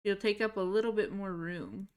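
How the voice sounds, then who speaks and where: A woman's voice: mid-range voice, moderate pace, smooth. A woman streaming live from home, chatting casually with her viewers, easily sidetracked and swearing now and then. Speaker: livestreamer.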